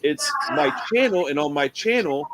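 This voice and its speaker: Slangy, animated male podcast host. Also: on the high side, creaky, very noisy. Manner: animated, slangy, quick to act out quotes. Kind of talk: casual chat about a film.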